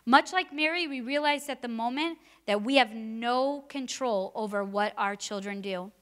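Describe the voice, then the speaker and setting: A woman delivers a sermon, reading scripture and then drifting into stories of her own kids. Her voice is bright and sits a little high. She talks in a casual, conversational way and keeps asking rhetorical questions. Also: normal speed. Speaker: preacher.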